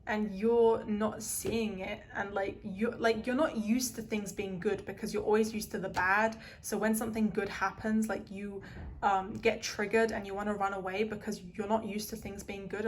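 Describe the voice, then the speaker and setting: A woman's voice: mid-range voice, level tone, normal speed, slight background noise. Earnest woman giving a rambling tarot reading. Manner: rambling, full of "um" and "like"; earnest, emotional. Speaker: tarot card reader. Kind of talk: pick-a-card tarot reading to camera.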